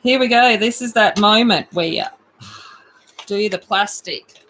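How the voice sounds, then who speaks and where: Australian woman, livestream host, unhurried rambling chat, bright tone. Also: mid-range voice, slight background noise, rough recording. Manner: chatty, rambling, with excited outbursts.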